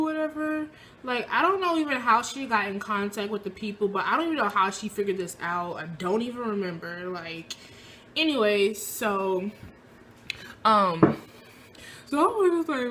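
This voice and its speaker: A young woman tells a personal story in a relaxed, chatty way. Her voice sits a little high, and she acts out the quoted lines with a lift in pitch and volume. A faint room hum sits under her voice. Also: normal speed. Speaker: vlogger. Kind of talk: casual storytelling.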